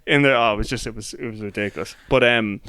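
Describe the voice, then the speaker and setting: On a relaxed podcast chat, a male host speaks in a smooth, resonant, medium-pitched voice, swearing freely, laughing easily and stumbling through quick restarts. The sound is close and dry, with no room or echo.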